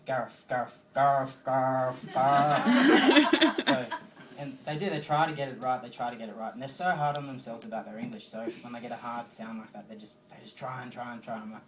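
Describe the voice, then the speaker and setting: Australian stand-up comic with rambling, swear-laden delivery, captured on a far-off phone in an echoey room. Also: male voice, mid-range voice, slight background noise. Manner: rambling, crude storytelling with swearing. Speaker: stand-up comedian. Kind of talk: stand-up comedy set. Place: comedy venue stage with live audience. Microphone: phone recording from the audience.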